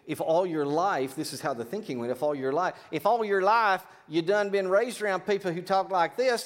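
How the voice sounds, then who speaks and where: Preaching man in a reverberant hall. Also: mid-range voice. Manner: animated preaching with sudden loud bursts; folksy, repeats words while thinking. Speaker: pastor. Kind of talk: sermon.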